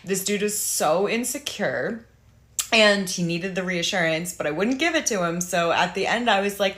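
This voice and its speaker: A woman telling a dating story in an animated, exasperated way. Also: mid-range voice, moderate pace. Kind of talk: storytime video.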